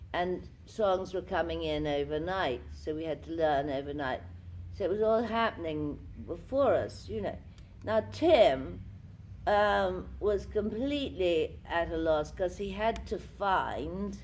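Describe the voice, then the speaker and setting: A woman's voice: deep voice, a little mellow, a little hiss or hum. An older actress telling theatrical anecdotes in a convention interview, acting out the lines she quotes. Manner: theatrical storyteller who acts out quotes. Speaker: actress guest. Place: convention room.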